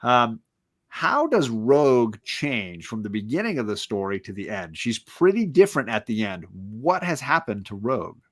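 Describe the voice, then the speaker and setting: A man's voice: medium pitch, sing-song, moderate pace. A man hosting a comic book live stream in casual chat, jokey and teasing, laughing often.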